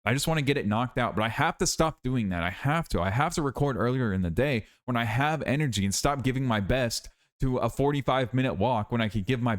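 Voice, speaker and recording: A tired young man rambling in a casual vlog monologue, self-critical and repeating himself. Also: mid-range voice. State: tired, worn out. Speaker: YouTuber.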